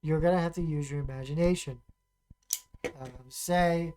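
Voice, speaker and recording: A streamer casually playing a text adventure, reading the story aloud and thinking out loud while typing, often pausing and restarting. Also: mid-range voice, steady tone, slight background noise, low-quality recording. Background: keyboard typing and clicks.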